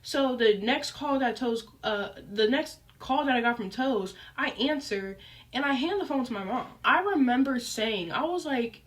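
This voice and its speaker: A young woman vlogger telling a casual story, animated and full of fillers like "like" and "um". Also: a little high, moderate pace. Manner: animated, lively retelling with frequent fillers. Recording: voice picked up from a distance.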